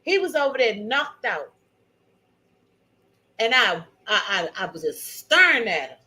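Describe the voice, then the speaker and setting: A woman's voice: a little high, big pitch swings, measured pace, sharp tone, rough recording. A middle-aged woman talks straight to her viewers, chatty and emphatic. She keeps calling them y'all and honey while she tells a story from her own life. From Maryland. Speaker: channel host.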